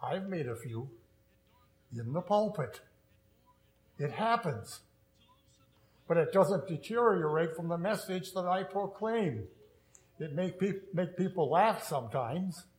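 A man's voice: high-pitched, animated, takes it slowly, pauses often, roomy sound, poor audio. A man who is a pastor, preaching an earnest sermon with storytelling and self-deprecating humor.

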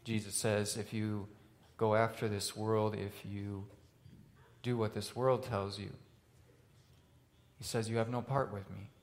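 A male pastor preaching a sermon, swinging from loud, rising questions to quiet, hushed lines. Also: on the low side, little pitch movement, a little slow, long pauses.

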